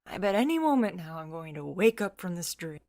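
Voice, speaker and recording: A woman reading the part of a wary young trans woman in a storybook, in close to her own lowish voice. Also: big pitch swings, a little fast, a little mellow, no echo. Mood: worried. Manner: wary, plain-spoken.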